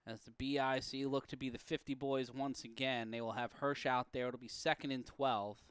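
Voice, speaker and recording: A man calling an amateur football game play-by-play, profane and prone to erupting into shouts and laughter on big plays. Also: mid-range voice, fairly even intonation, normal speed, smooth, no echo. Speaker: play-by-play commentator. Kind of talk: sports commentary.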